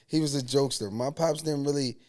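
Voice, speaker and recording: A man's voice: medium pitch, steady tone, quick pace, darkish tone. A man hosting a podcast, asking questions in an easygoing way and often restarting his sentences. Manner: easygoing, lots of short agreeing replies, stumbling restarts. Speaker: podcast host. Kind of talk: casual podcast interview.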